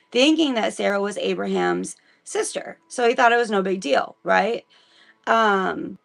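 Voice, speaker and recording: A woman's voice: on the high side, gravelly. A woman from Missouri reads the Bible aloud on a livestream in a chatty way, breaking off to talk to her viewers. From Missouri, United States. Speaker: live-stream host reading the Bible. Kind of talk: casual live-stream Bible reading.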